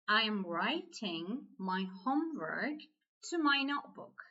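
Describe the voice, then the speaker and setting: Slow, patient Turkish-accented woman teacher. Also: medium pitch, big pitch swings, pushed and bright, dull audio. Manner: slow, patient, repeats phrases. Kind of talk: language lesson.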